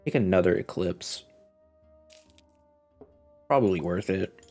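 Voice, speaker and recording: A man's voice: deep voice, animated, slow, a little mellow, soft background music. A congested man casually commenting on his game as he plays, thinking aloud and chuckling. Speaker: gaming video host.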